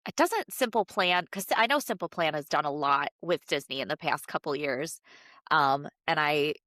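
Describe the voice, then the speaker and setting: A woman with a low, nasal voice, still stuffy from a cold. She chats casually as a podcast co-host, leaning on fillers. The sound is dry and close, with no room around it. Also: expressive, moderate pace, bright, forceful tone, no room sound. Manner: chatty, many fillers, laughs often. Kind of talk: casual chat.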